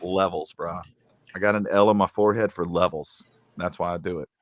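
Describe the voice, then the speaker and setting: A man with a deep, low voice chats casually as a podcast co-host, rambling loosely through his stories. The sound is dry and close, with no room around it. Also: fairly even intonation, brisk, no room sound. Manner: rambling, laid-back storytelling with many fillers. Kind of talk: casual chat.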